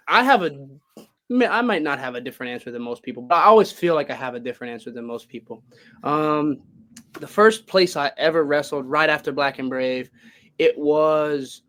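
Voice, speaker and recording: A man from Louisiana with a mixed north Louisiana and Cajun accent, telling stories as a guest in a casual podcast interview from his home. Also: a little high. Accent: Louisiana, mix of north Louisiana and Cajun. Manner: rambling, animated storytelling with many fillers. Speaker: guest, pro wrestler.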